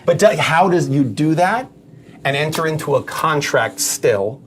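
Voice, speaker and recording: A man's voice: a little high, a little slow, slight background noise. A man with a New York accent, an attorney talking animatedly and sarcastically in a casual podcast conversation. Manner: animated, sarcastic, acts out quoted dialogue.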